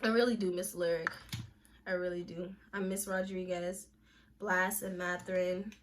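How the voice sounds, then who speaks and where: A woman's voice: fairly low pitch, fairly even intonation, moderate pace, background noise. A young woman telling a personal story on a casual vlog, candid and emphatic, with slang and restarts when emotional. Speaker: vlogger.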